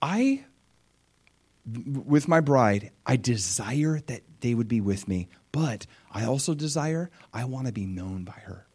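A man's voice: medium pitch, animated, takes it slowly, a little mellow, breathy edge, exaggerated voice. A man voicing Jesus as a fervent young man pleading in prayer and crying out to God. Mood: tender.

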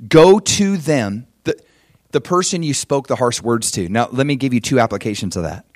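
A middle-aged male pastor preaching a sermon, swinging from loud and emphatic to soft and hushed. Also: medium pitch, expressive, normal speed, no room sound, studio quality.

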